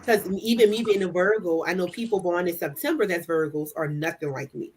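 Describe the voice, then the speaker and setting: A woman's voice: fairly low pitch, brisk. Host: middle-aged woman, blunt and no-nonsense, chatting over a noisy background. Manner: blunt, matter-of-fact. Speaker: podcast host. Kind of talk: casual chat.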